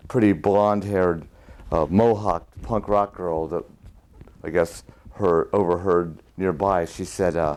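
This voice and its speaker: A man recalling a night at a concert, halting with fillers, in a documentary interview. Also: low voice, steady tone, a little mellow.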